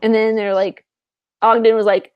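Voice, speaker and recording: A woman's voice: on the high side, little pitch movement, moderate pace, smooth, no echo, highs cut off. A woman co-hosting a podcast, chatting casually with lots of "like" fillers. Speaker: podcast co-host. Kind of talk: casual chat.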